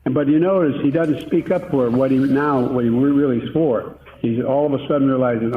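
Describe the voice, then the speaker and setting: An older man rambling through a phone interview, halting and restarting. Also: medium pitch, slight background noise. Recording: tinny phone line on air, echoey.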